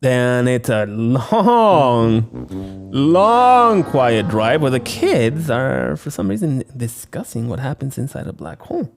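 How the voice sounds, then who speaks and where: A man's voice: medium pitch, very animated, moderate pace, vocal fry, few pauses, darkish tone, faint music behind. Wisecracking man recapping a movie. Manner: loose, profane, wisecracking. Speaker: podcast host, film reviewer.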